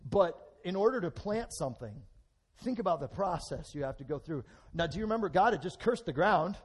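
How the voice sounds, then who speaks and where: A middle-aged man preaching a lively sermon, swinging between loud and hushed, acting out bits of dialogue. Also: high voice, fairly quick, husky.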